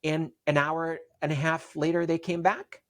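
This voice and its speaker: A man's voice: on the high side, level tone, normal speed, a bit bright. A middle-aged man from Syria, telling his story as an interview guest, earnest and often repeating words as he restarts.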